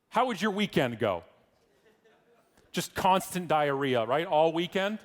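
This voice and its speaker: Irreverent, joking male keynote speaker. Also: fairly high pitch. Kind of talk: conference keynote speech.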